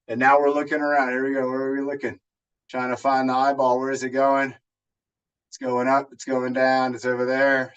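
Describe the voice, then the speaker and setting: A man's voice: fairly high pitch, fairly bright tone, far from the mic, poor audio. A man leading a light home workout class, talking through each move in an upbeat, encouraging way. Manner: upbeat, encouraging, talks through moves while exercising. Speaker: fitness instructor. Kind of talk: guided workout instruction.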